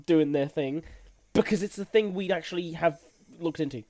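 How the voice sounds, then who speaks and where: A man's voice: a little high, normal speed, dark tone. Playful young man defending a film. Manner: playful, laughs and teases his co-host. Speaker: podcast co-host. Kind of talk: casual film debate.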